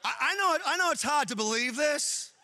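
A middle-aged Australian man preaching a humorous sermon in church, telling animated, jokey stories. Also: extremely high pitch, moderate pace.

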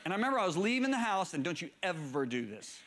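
A middle-aged male preacher telling stories in a sermon, swinging between low murmurs and raised, excited bursts. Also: fast talker. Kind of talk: storytelling sermon.

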